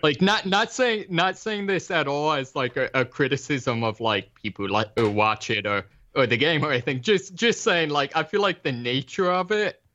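A man's voice: on the high side, expressive, moderate pace, hardly any pauses, bright, forceful tone. A man in casual podcast chat, rambling with many fillers and restarts. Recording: slightly dull lo-fi recording.

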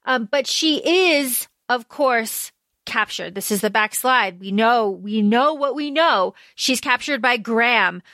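Excitable lady podcaster, sharp bright voice, pretty high, dry sound. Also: unhurried, no echo. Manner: excitable, swears freely. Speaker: podcast co-host. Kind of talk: casual chat recapping a story.

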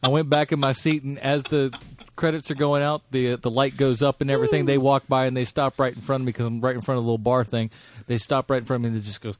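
Animated man telling a story, dry sound. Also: mid-range voice, quick pace, no echo. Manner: animated storyteller, acts out heated quotes. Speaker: podcast co-host. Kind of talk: casual chat.

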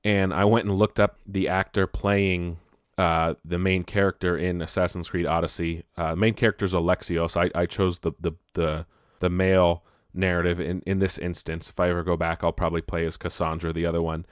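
A young man with a deep, low voice talks casually through gaming news. He rambles, stumbling and restarting his sentences. The sound is dry and close, with no room around it. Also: level tone, brisk, dry recording. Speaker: gaming video host.

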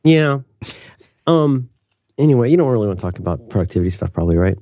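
A man co-hosting a casual podcast chat, rambling and teasing his co-host, with lots of restarts and an animated delivery. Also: fairly low pitch, quick pace, no room sound. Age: adult with a daughter.

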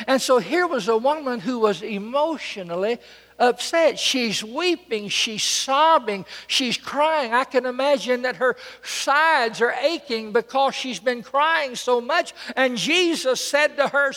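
Dramatic high-voiced preacher in a church. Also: male voice, lively intonation, measured pace, big-room sound. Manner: dramatic, emphatic repetition, swings between loud and soft. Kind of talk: sermon. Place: church sanctuary, at the pulpit.

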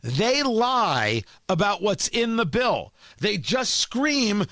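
Man, political talk host, combative, emphatic, bright tense voice, dry close sound. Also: sits high, sing-song, slow, no room sound. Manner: combative, emphatic, rhetorical questions. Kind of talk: opinion monologue.

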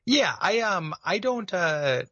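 This man co-hosts a podcast and talks casually about a video game, rambling with plenty of filler words. His voice sits high, sounding bright, forceful and animated as he takes it slowly. The audio is dull, with no room sound.

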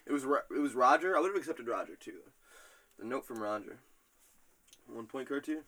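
A man's voice: medium pitch, animated, fairly quick, background noise. A man hosting a casual podcast quiz game, loose and profane, laughing often between reading out quotes. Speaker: quiz host.

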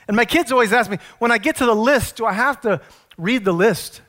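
Middle-aged male pastor, higher register, earnest storytelling sermon delivery. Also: fairly bright tone. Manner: earnest, storytelling preacher, slows to stress points.

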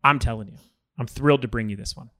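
A man's voice: fast talker, a bit bright, no echo, studio quality. A man co-hosting a podcast in casual chat, joking and laughing often. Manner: joking, laughs often, quotes movie lines in a higher voice. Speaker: podcast co-host.

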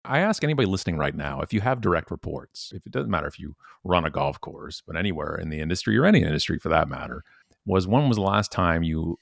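A man's voice: very deep voice, animated, fast talker, vocal fry, no room sound, studio quality. A man in his forties, a professional speaker, talking emphatically and animatedly as a podcast guest. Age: 40s. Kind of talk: conversational podcast interview.

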